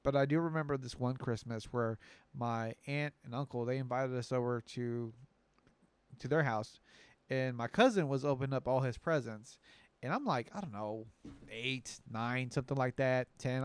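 A man in his thirties chats on a podcast and tells stories with lively energy. His voice sits at a medium pitch, and the recording is close and dry with no room sound. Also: normal speed, clear, resonant tone, dry recording. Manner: animated storyteller, acts out quoted voices. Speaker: podcast co-host. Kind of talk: casual chat.

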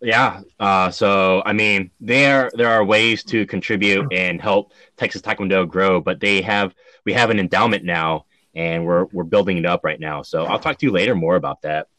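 A man with a somewhat low voice hosts a relaxed chat, recorded close and dry with no room sound. He tells stories with plenty of fillers and lively turns. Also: moderate pace, no room sound. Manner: storytelling, animated, many fillers. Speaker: host. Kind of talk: casual chat.

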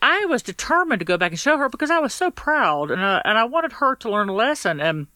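Blunt, bright-voiced woman telling her story. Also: fairly high pitch, very animated, fast talker, dry recording. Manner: blunt and profane, acts out quoted exchanges; emotional, close to tears. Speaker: guest storyteller. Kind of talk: personal storytelling in a podcast interview.

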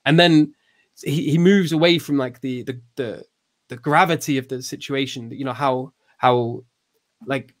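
Steady in tone and measured in pace, this medium-pitched man talks through ideas casually. He stumbles with frequent restarts and fillers, then gets louder when performing quotes.

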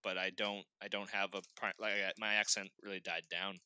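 A man's voice: low voice, little pitch movement, brisk, pushed and bright, smooth, poor audio. A young man from Massachusetts in casual chat, rambling with plenty of fillers.

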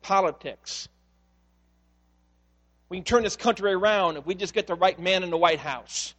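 A man preaching a sermon as pastor, telling stories in an animated way and acting out the voices in them. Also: high-pitched, moderate pace, big-room sound. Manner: animated storytelling, acts out voices in quotes.

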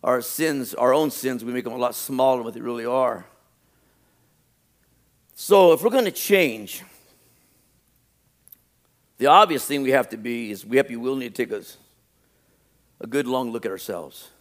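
A pastor preaching a sermon, repeating his phrases and stressing them with rising emphasis. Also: mid-range voice. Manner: reads a list slowly and deliberately.

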